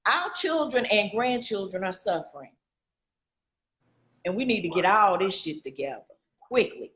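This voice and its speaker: A woman's voice: medium pitch, lively intonation, moderate pace, pauses often, a bit bright, rough recording. An older woman calling in, speaking bluntly and emphatically. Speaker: caller. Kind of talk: impassioned opinion talk.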